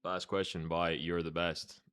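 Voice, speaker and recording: A young man streaming chess, chatting casually with viewers and thinking out loud in a laid-back way, with keyboard clicks behind. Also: low-pitched, level tone, unhurried, smooth. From Ireland. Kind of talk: casual live-stream chat while playing chess.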